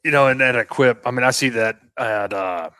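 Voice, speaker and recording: A man's voice: mid-range voice, brisk, sharp tone, smooth, dry recording. A man telling stories in a casual podcast chat, rambling with fillers and restarts and swearing casually. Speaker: podcast co-host and landscaping business owner.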